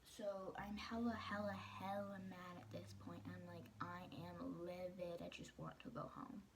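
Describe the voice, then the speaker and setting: A woman's voice: on the low side, level tone, unhurried, noisy background. A teenage girl vlogging, telling a personal story in a casual, chatty way, full of "like" and quoting the people in it.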